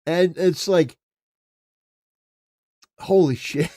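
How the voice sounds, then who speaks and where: A man's voice: a little high, very slow, dark tone, dry recording, studio quality. A man hosting a political commentary livestream, talking casually with rambling, stammering restarts and swings from mumbling to emphatic.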